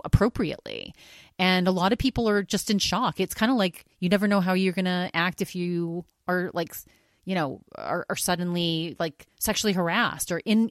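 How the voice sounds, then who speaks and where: Woman podcast host, lowish voice, dry close sound, rambling and animated with many restarts. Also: dry recording. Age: older than college age. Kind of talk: casual podcast monologue.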